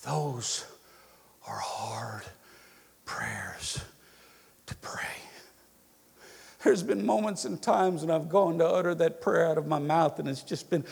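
High, gravelly preacher in a reverberant hall. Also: male voice. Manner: swings from hushed prayer to loud emphatic storytelling. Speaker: pastor. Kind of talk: sermon.

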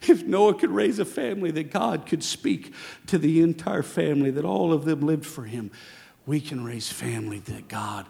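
A young man preaching a sermon as a pastor, swinging from hushed whispers to shouted exhortation. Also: on the high side, normal speed, creaky, big-room sound.

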